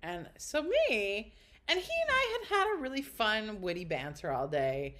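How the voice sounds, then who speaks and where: A woman's voice: medium pitch, very animated, normal speed, fairly bright tone. A woman guest on a podcast, telling a story in casual chat, blunt and crude, acting out quotes with big jumps in her voice.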